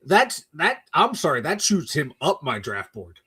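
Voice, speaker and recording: A man's voice: mid-range voice, big pitch swings, normal speed, sharp tone, husky, no room sound. A man co-hosting a casual live stream, joking and poking fun at himself. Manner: joking, self-mocking. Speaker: podcast co-host.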